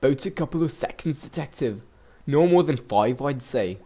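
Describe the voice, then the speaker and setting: A man voicing a gossipy middle-aged male neighbor in a game, attempting a rough Scottish-style accent. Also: medium pitch, expressive, normal speed, mellow, voice pushed up. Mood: chatty.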